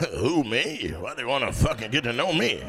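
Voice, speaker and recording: A man voicing a grumpy older woman who smokes, in a deep raspy put-on voice, cursing and grumbling. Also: very animated, normal speed, background noise.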